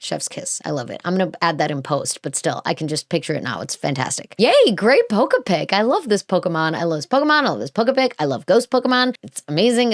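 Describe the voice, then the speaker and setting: Woman, podcast host, casual chat, gushing, rambling, fairly low pitch, dry recording. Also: no echo. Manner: gushing, rambling, restarts often.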